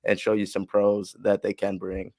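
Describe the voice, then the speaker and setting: A man's voice: on the low side, completely flat delivery, normal speed, darkish tone, dry recording. A man co-hosting a casual sports podcast, tentative and easygoing. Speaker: podcast co-host.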